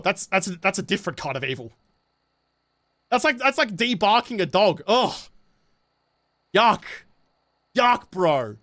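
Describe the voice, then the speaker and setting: A man's voice: high voice, big pitch swings, a little slow, pauses often, pushed and bright. A man with a New Zealand accent, streaming a game and chatting casually, swearing often and ranting passionately. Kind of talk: casual livestream chat while gaming.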